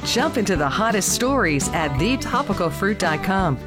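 A woman's voice: mid-range voice, big pitch swings, moderate pace, over loud music. A woman reading an upbeat podcast promo in a chirpy, breezy way.

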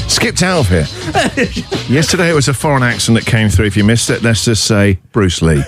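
A man's voice: medium pitch, expressive, normal speed, long pauses, over music. A man hosting a breakfast radio show, chatting and teasing callers in a joking way. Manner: jokey, teasing, laughs often. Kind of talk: casual radio banter.

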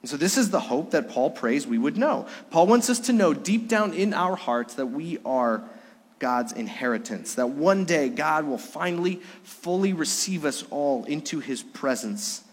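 A man's voice: fairly high pitch, lively intonation, moderate pace, breathy edge, long reverb tail. A man preaching a sermon, earnest and story-driven, asking his listeners questions as he goes. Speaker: pastor.

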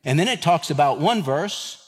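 A man's voice: on the high side, expressive, normal speed, husky, big-room sound. A man, preaching a sermon and telling a folksy story, acting out the voices in it. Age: 50s. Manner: folksy storytelling, acts out dialogue. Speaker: pastor.

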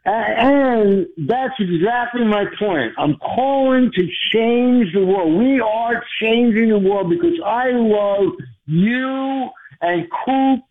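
A man's voice: very high-pitched, takes it slowly. A man calling in to a radio show, eager and effusive, laughing often. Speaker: caller. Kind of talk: phone-in radio chat. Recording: phone line.

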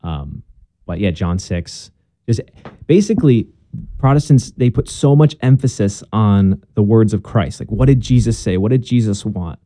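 A man's voice: fairly low pitch, expressive, normal speed, dark tone, dry recording. A young man telling his conversion story in a casual interview, earnest and chatty with plenty of fillers and restarts.

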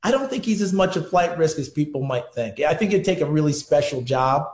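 Male football analyst, slightly higher voice, emphatic storyteller, roomy echoey line. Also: animated, a little fast, a little mellow. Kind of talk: sports radio interview.

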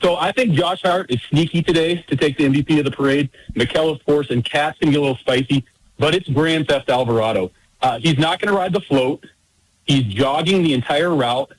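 A man's voice: fairly high pitch, brisk, no room sound, low-quality recording. A man calling into a sports radio show by phone, joking and playful. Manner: joking, playful, bursts into scat singing. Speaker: radio caller. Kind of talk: casual call-in chat.

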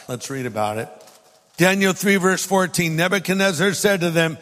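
A man, a pastor, preaching a sermon and reading scripture aloud with emphatic pauses. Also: high voice, a bit bright. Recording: long hall reverb.

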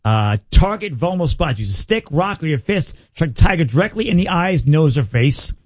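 A male radio co-host with a husky voice that swings widely in pitch. He chats casually and playfully in a dry studio sound. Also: big pitch swings, no echo. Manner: quick reactions, playful mock voices.

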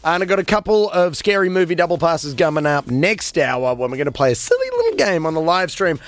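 A man hosting an evening radio show and taking calls. He talks in an animated, joking, self-mocking way. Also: a little high, brisk, no room sound. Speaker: radio host.

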